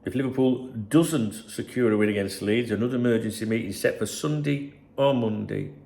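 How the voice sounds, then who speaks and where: A man's voice: mid-range voice, normal speed, vocal fry, a little mellow. A man hosting a football channel, talking casually and mocking press claims in a rambling, sarcastic way. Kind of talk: casual commentary to camera.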